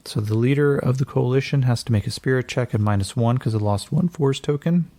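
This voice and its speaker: A man running a tabletop game narrates as game master, relaxed and rambling, with lots of fillers and self-corrections. His voice is medium-pitched and a little fast.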